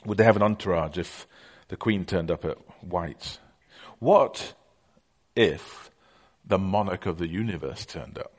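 A man's voice: deep voice, lively intonation, measured pace. A middle-aged man preaching a conversational sermon, telling stories with many fillers.

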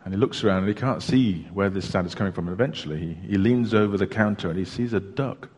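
A man preaching a sermon in a church, telling stories in a chatty, unhurried way with small hesitations. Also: fairly low pitch, darkish tone, husky. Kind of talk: sermon with a joke. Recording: long reverb of a church hall.

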